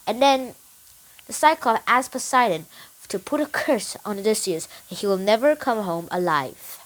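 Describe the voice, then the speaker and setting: Brief: a young reviewer retelling a book, animated and bouncy in pitch. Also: moderate pace, low-quality recording. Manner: animated, excited storytelling with restarts. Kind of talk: casual retelling of a story.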